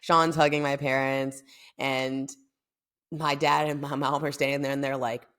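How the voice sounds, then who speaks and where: A young woman from the United States telling a story in a chatty, animated way as a podcast host. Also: extremely low pitch, a little slow, clear, resonant tone. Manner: chatty, animated, lots of fillers. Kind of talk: casual storytelling.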